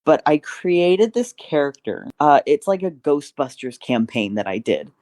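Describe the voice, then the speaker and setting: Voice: medium pitch, sing-song, a little slow, darkish tone, no room sound. A podcast guest in casual chat, chatty and laughing often.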